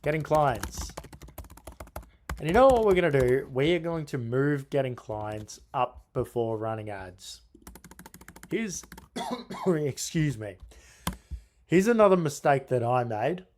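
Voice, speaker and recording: A man's voice: mid-range voice, expressive, slow, a little mellow. Blunt guy coaching. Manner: blunt, crude, joking. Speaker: business coach. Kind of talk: casual how-to video.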